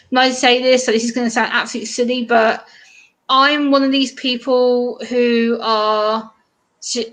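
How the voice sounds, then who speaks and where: A woman's voice: on the high side, fairly bright tone. A woman with an eastern English accent, a guest YouTuber chatting casually on a live stream and laughing often. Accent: English, eastern England. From England.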